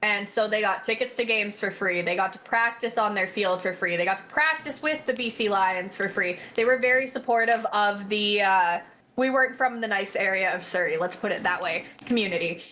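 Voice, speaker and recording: A woman's voice: medium pitch, a little fast, bright, forceful tone, a little hiss or hum. A woman from Canada, a tabletop game player, joking in casual chat and laughing often.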